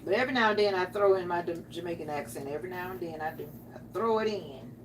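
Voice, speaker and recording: A woman with a low voice and a Southern country twang talks to her viewers in a rambling, easygoing way. She chats while busy at home. Clicks and crinkling from the kitchen come through clearly behind her. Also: very fast, background noise. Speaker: vlogger. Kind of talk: casual vlog chat while cooking.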